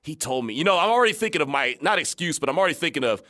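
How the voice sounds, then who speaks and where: A man hosting a radio show, telling a story in a casual, animated way, laughing and acting out the people he quotes. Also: high voice, very fast, hardly any pauses. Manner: animated, laughing, retells scenes in quoted voices.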